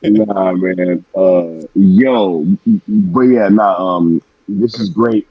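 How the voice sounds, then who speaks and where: A man's voice: sits low, steady tone, very slow, husky, no echo, muffled recording. A man hosting a casual live stream, laid-back and slangy, losing his voice.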